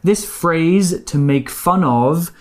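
British woman teaching English vocabulary. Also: on the low side. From Britain. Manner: slow, clear explanations with example sentences. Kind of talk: bilingual radio English lesson.

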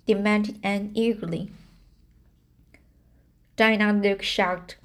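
A woman reading a novel aloud, slow and halting, stumbling and restarting on hard words. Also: medium pitch, steady tone. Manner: apologizes for mistakes. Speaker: reader. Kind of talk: amateur audiobook reading.

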